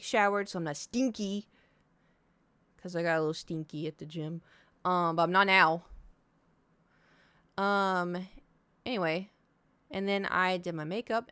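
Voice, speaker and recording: A woman's voice: on the low side, a bit bright, clean tone, dry recording. Chatty rambling woman streamer, dry sound. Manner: rambling, self-interrupting storytelling. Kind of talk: casual chat with stream chat. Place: home.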